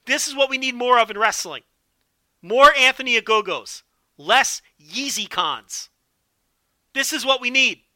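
A man's voice: very high voice, lively intonation, a little slow, long pauses, bright, forceful tone, no room sound. A man giving a casual wrestling recap, enthusiastic and profane, riffing with jokes. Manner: enthusiastic, profane, joking riffs. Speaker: wrestling show commentator.

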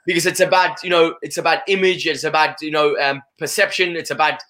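A man chatting as an interview guest, his words tumbling out at a quick clip. His voice is bright and sits a little high. He talks with loose, restless energy. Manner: energetic, repeats "you know" often. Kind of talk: casual conversational interview.

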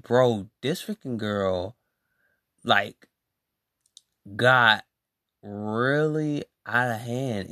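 A podcast host telling a story in a casual monologue, slangy and animated, acting out quoted lines with big jumps in pitch. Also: no echo, clean studio sound.

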